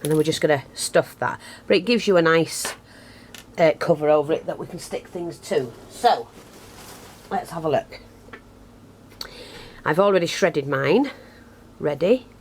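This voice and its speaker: A woman with a low-pitched voice gives an unhurried, casual craft tutorial, leaving long pauses. Chatty and self-deprecating, she thinks aloud as she works close to the camera. The mic near her hands picks up her breathing and a little hiss or hum.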